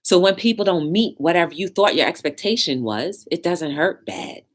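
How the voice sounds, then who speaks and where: Low-voiced woman hosting a talk show. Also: lively intonation, moderate pace. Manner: chatty, preachy, answers chat comments. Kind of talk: casual live-stream talk to chat.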